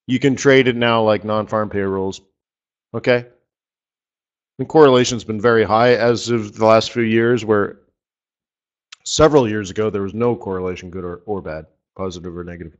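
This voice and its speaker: A man's voice: lowish voice, steady tone, normal speed, long pauses, highs cut off. Joking man coaching forex traders. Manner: chatty and joking, with rhetorical questions. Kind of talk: live webinar trading lesson.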